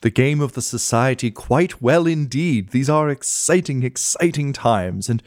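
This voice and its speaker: A man's voice: medium pitch, animated, a little slow, darkish tone, dry recording, clean studio sound, lightly acted. A game master voicing a fussy, stammering male clerk who serves a lord, deferential to his master and pompous about those beneath him. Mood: grateful. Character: fussy, snobbish male clerk servant, adult. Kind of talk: tabletop role-play.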